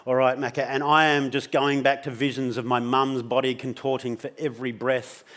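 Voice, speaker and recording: A man's voice: medium pitch, little pitch movement, moderate pace, a bit bright. Middle-aged Australian male keynote speaker, emotional storyteller, blunt and profane. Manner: intense, emotional, swears freely. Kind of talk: personal storytelling talk.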